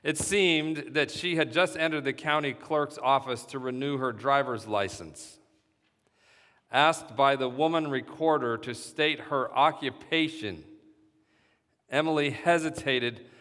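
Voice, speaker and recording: A man reading a story aloud in a measured, deliberate way. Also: medium pitch, fairly bright tone. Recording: reverberant hall sound.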